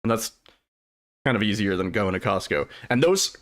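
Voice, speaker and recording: A relaxed male livestreamer and speedrunner chats casually on stream, rambling, answering his chat, and swearing offhandedly. His voice sits fairly low and moves at a moderate pace.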